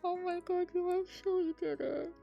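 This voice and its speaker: A woman with an Australian accent chatting casually on a livestream, giggly and excitable, swearing freely. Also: very high-pitched, moderate pace, creaky, highs cut off, faint music behind. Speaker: streamer.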